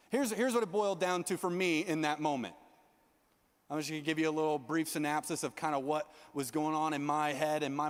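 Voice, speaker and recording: A young man giving a youth sermon as a story, animated and self-mocking as he acts out his own lines. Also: fairly high pitch. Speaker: youth pastor. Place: large church youth hall. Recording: long reverb of a large hall.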